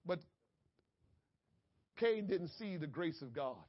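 A pastor preaching a sermon, swinging from quiet asides to shouted lines. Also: male voice, a little high, sing-song, slow, muffled recording.

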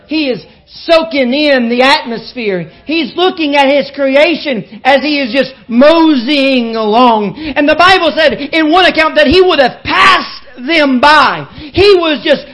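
A woman preaching a sermon to a congregation, impassioned and rhythmic, dropping to soft low asides and then rising to shouts. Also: lively intonation, unhurried, hardly any pauses, poor audio. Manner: repetitive rhythmic preaching cadence. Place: church with live congregation.

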